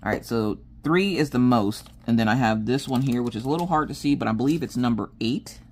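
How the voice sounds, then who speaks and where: A woman's voice: extremely low pitch, brisk, darkish tone. Lady rambling about her craft kit, chatty, trips over her words, close mic. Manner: chatty storyteller, restarts and laughs often. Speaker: crafting vlogger. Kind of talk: casual chat while diamond painting.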